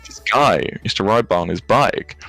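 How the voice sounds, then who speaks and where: A man's voice: lowish voice, lively intonation, moderate pace, vocal fry, fairly bright tone, no room sound. A young man with an English accent chatting casually, rambling through anecdotes with frequent laughter and casual swearing. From England. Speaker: streamer telling stories. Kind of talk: casual chat.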